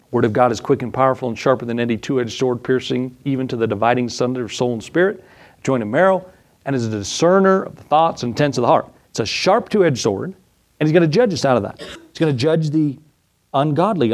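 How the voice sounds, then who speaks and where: A man's voice: expressive, a little fast. A man preaching a sermon as a Bible teacher. He reads scripture aloud, asks his listeners questions and drives his points home with emphasis. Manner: emphatic exhortation, pitch jumps up on key points.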